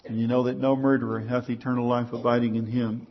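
A man's voice: medium pitch, level tone, quick pace, dull audio, a little hiss or hum. A male pastor preaching a sermon in a conversational way, asking his congregation rhetorical questions.

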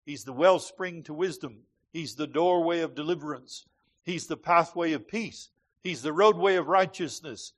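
A man's voice: on the high side, slightly rough. A man preaching a sermon to a congregation with a rhythmic, emphatic cadence.

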